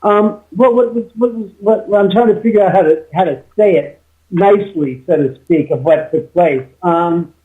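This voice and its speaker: High-voiced guy calling in, tinny phone sound, rambles and restarts a lot. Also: moderate pace. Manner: rambling with many restarts and quoted dialogue. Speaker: guest, homeowner. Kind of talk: casual interview storytelling.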